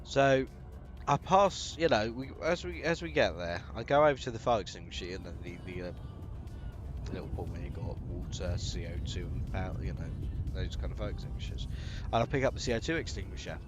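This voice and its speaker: A British man with a lowish voice chats his way through a rambling story while he plays, full of fillers and soft chuckles. The game's music plays clearly underneath him. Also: lively intonation, brisk. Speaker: streamer. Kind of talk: casual storytelling while gaming.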